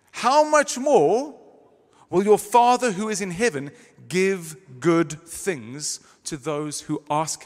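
A man preaching a sermon in a church, stressing words by slowing down and changing his volume. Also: sits high. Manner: emphatic, varies pace and volume for stress. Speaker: pastor. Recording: long hall reverb.

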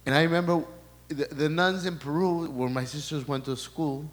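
Halting male priest in an echoing hall. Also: fairly high pitch, fairly even intonation. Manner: halting, restarts and repeats words, relays quoted messages. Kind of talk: sermon talk.

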